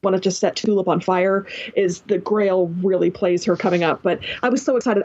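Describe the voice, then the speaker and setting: A woman's voice: mid-range voice, steady tone, brisk, hardly any pauses, darkish tone, highs cut off. A woman guest on a TV recap podcast, talking emphatically and with exasperation about the characters. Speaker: guest commentator. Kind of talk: casual TV recap chat.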